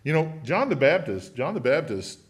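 A man's voice: fairly high pitch, sing-song, moderate pace. Casual bible study leader guy, talks it through, keeps asking the room stuff. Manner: asks the group many questions. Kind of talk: conversational Bible teaching.

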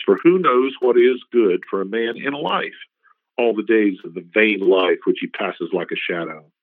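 A man's voice: on the low side, no echo. Casual middle-aged guy teaching scripture, lots of "you know"s, sounds like thin lo-fi radio. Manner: informal, repeats "you know", restarts phrases. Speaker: Bible teacher. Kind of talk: conversational Bible teaching. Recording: tinny phone-like radio recording, dry.

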